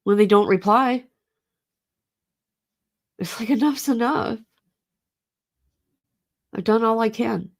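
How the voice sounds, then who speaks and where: A woman's voice: fairly high pitch, slow, gravelly, pauses often. A middle-aged woman, grieving, talking casually and emotionally to her livestream chat. She rambles and swears. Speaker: livestream host.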